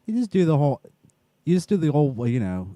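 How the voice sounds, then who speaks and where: A man's voice: a little high, fast talker, dry recording. A man co-hosting a podcast, ranting with heavy swearing and laughter in a casual chat. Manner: animated, profane, ranting. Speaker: podcast co-host.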